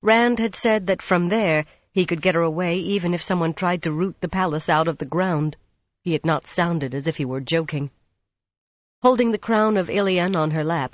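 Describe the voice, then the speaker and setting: A woman reading a fantasy audiobook in a calm, even manner. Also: sits low, no echo, lo-fi sound. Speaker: audiobook narrator. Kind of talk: scripted fantasy narration.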